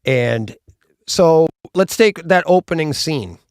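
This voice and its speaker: A man hosting a casual live talk about home theater, telling stories animatedly and acting out gunshot booms. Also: takes it slowly, smooth, no room sound, clean studio sound. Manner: animated, acts out gunshot sounds. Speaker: host. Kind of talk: casual chat.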